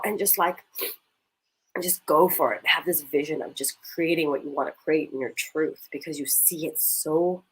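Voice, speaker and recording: A woman leading a coaching exercise in casual chat, talking in an animated, gushing way and swearing casually. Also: medium pitch, breathy edge, poor audio.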